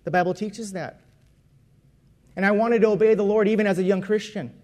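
A man with a noticeably high voice delivers a sermon built around his own testimony. He tells it like a conversation, restarting and correcting phrases as he goes. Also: fairly even intonation, fairly quick, darkish tone. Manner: conversational storytelling with self-corrections. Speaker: preacher.

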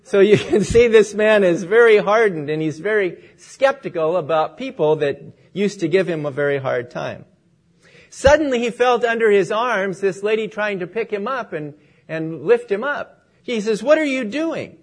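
High-voiced male pastor preaching. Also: expressive, normal speed. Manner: storytelling, prayerful. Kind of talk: sermon.

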